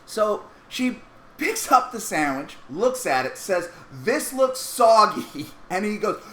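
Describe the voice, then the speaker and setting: A man with a Canadian accent hosting a podcast, telling a story in an animated way and acting out what people said. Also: sits high, unhurried. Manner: animated, acts out quoted voices. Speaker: podcast host. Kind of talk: casual storytelling chat. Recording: echoey room, faint noise.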